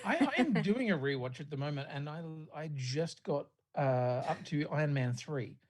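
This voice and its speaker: Man, podcast co-host, husky tone, lively up-and-down pitch, casual swearing, rambling. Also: moderate pace. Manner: swears freely, rambling restarts. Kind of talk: casual film chat.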